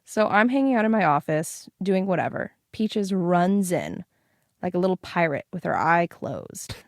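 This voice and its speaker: A woman's voice: on the low side, sing-song, normal speed, no echo, studio quality. A woman co-hosting a casual podcast, chatting loosely with lots of fillers. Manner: chatty, lots of ums and likes. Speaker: podcast co-host. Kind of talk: casual chat.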